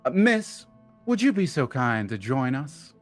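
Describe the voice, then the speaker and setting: A man's voice: mid-range voice, very animated, a little slow, soft background music, voice pushed up. A man doing a courteous, formal host. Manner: courteous, welcoming. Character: male host Heretic Portvane, polite and formal.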